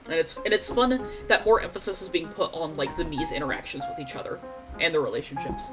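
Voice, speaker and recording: Woman streamer, chatty, enthusiastic, stuffy nose, low voice, game music behind. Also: animated, fast, rough recording. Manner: chatty, enthusiastic, repeats words. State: congested. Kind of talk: casual chat while playing a game.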